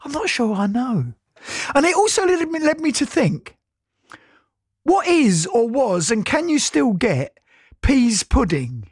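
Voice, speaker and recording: A British man in middle age chats casually on air, wandering from one aside to the next and laughing often. His voice is a little husky and rises and falls a lot. The recording is close and dry. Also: extremely high pitch, very animated, a little slow, pauses often, darkish tone, no echo. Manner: rambling and anecdotal, laughing often. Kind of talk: casual chat.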